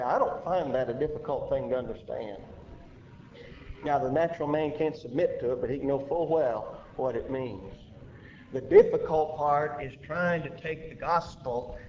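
Male pastor, fairly high voice, emphatic sermon delivery, roomy lo-fi church recording. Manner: emphatic preaching with sudden loud rises and quiet drops. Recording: echoey church room, lo-fi with faint hiss.

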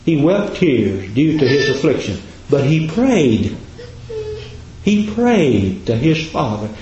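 A man preaching a sermon as a pastor, repeating his points and dropping to a low, hushed voice for emphasis. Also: sing-song, takes it slowly, a little hiss or hum. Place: church. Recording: echoey, dull church recording.

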